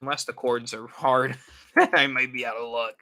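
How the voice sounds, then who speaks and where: A man's voice: medium pitch, steady tone, moderate pace, pushed and bright. A man hosting a casual live stream, rambling and answering viewer comments. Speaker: horror channel host.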